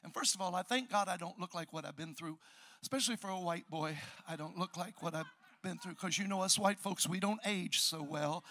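A pastor, preaching an animated sermon to a congregation and joking with them. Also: male voice, high voice, fairly quick, a little hiss or hum. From Chicago, USA. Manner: animated preaching, jokes with the crowd. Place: church hall before a congregation.

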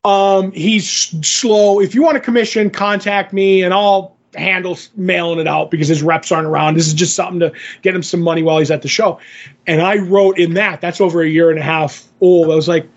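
A man's voice: high voice, fairly even intonation, fairly quick. A man co-hosting a podcast, telling a long story casually and acting out the other people's lines in it. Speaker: podcast co-host. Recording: dull lo-fi podcast audio.

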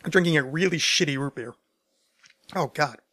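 A man's voice: a little high, normal speed, sharp tone. A man hosting a solo podcast, answering listener questions in a rambling, stammering, self-deprecating way, overcaffeinated. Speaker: podcast host.

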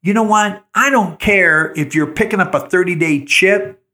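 A man's voice: sits high, normal speed, pushed and bright. A man in his sixties hosting a recovery podcast, reflecting in an earnest, preacher-like way and asking his listeners rhetorical questions. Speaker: podcast host.

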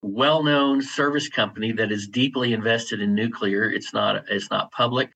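A man guesting on an energy podcast, explaining in a measured way with frequent fillers. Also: lowish voice, steady tone, vocal fry, sharp tone, low-quality recording. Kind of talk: conversational interview.

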